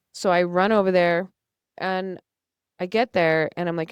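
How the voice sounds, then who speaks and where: A young woman with a low voice tells her own story as a podcast guest. She is earnest and emotional and acts out past conversations. The sound is close and dry, with no room around it. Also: moderate pace, clean tone, no echo. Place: studio.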